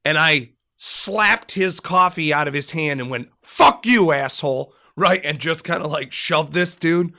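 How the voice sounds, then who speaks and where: A middle-aged man co-hosting a podcast, telling a military story in casual, profane chat and acting out shouted quotes. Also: a little high, measured pace, few pauses.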